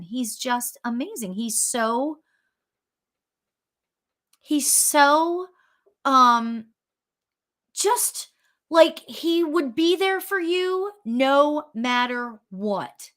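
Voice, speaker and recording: Woman medium, high and bright, gushing and rambling through a live reading. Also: drawn-out words, pauses often. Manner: chatty, excitable, full of fillers and restarts. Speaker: psychic medium. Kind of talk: live spirit reading for viewers.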